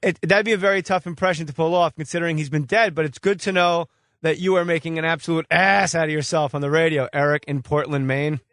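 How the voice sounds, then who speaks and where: A man's voice: on the high side, fairly even intonation, quick pace, fairly bright tone, dry recording, studio quality. A man hosting sports talk radio, firing back sarcastic, combative comebacks at a caller. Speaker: radio host.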